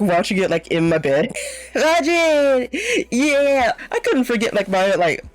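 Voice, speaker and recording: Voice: medium pitch, no echo, poor audio. A young adult VTuber chatting casually on stream in a rambling, filler-heavy way, often breaking into giggles.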